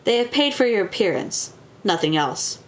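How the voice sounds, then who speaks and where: A woman's voice: medium pitch, sing-song, moderate pace, natural voice. A woman voicing a cold, formal administrator who issues clipped warnings. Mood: stern. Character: cold official administrator, stern and curt.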